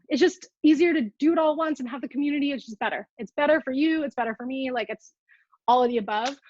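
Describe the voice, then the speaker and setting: A woman's voice: a little high, no echo, highs cut off. A young woman coach giving a casual live-streamed talk, full of "like" and asides to viewer comments. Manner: casual, filler-heavy, reacts to live comments. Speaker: food freedom coach. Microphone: earbuds.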